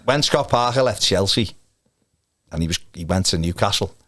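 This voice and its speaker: Brief: low-pitched male podcast guest, relaxed anecdotes, dry close sound. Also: normal speed, dry recording. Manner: chatty storyteller, chuckles often. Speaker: podcast guest, fan channel presenter. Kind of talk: casual chat and anecdotes.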